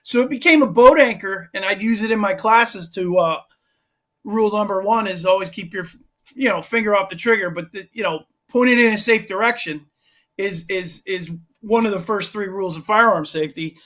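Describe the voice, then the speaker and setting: A man with a notably high speaking voice tells a long, winding story in a relaxed interview. He owns a gun shop and teaches firearms safety, and he talks in loose, animated bursts full of asides and restarts. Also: normal speed. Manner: animated, rambling anecdote with restarts. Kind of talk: casual storytelling in a podcast interview.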